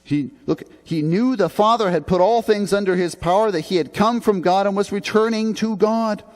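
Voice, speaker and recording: High-voiced and darkish in tone, a Canadian pastor speaks at a normal speed during a sermon in a reverberant church sanctuary. The preaching is earnest and conversational, with emphatic rises.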